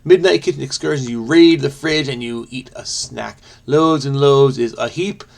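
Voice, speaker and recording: A man with a gravelly, fry-tinged voice at a middle pitch, hosting a crossword video. He solves casually and thinks out loud, letting thoughts trail off and slipping in self-amused remarks. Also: normal speed. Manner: muses aloud, trailing off, self-amused asides. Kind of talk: casual think-aloud puzzle solving.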